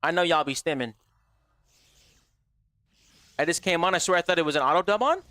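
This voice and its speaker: This man runs a live gaming stream, addressing his chat directly with brash, foul-mouthed humor in casual banter. His voice is high, bright and forceful, delivered briskly and smoothly. The audio is dry and close, with no room sound at all.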